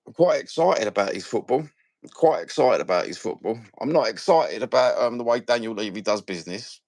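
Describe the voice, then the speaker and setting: A man's voice: mid-range voice, animated, brisk, a little mellow, no echo. A man with a Cockney accent hosting a fan live stream, rambling and swearing in slang-filled casual chat. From London. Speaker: fan channel host.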